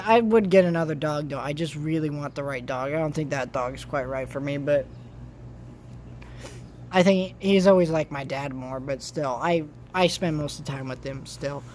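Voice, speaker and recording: A young vlogger telling a rambling home story in casual chat, with many restarts and animated swings between loud bursts and quiet asides. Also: mid-range voice, normal speed, pauses often, a little hiss or hum.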